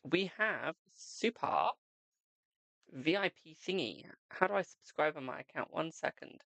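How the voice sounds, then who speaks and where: A man's voice: a little high, expressive, a little slow, gravelly, bright, forceful tone, no room sound. A man streaming live, reading tarot cards and chatting with viewers, calling them "my darling". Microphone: desk microphone.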